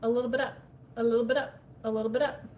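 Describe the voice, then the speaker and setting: A woman hosting a casual livestream as a spiritual coach, reading viewer comments and answering in a chatty, animated way. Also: a little high, rapid-fire, recorded from a distance, slight background noise. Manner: chatty, animated, drops into whispers.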